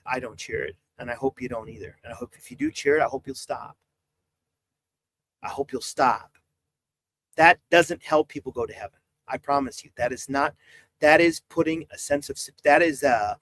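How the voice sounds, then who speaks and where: A man in his forties, a priest talking on a live stream, exasperated and preachy as he urges his viewers. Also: fairly high pitch. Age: 40s. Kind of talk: impassioned live-stream talk.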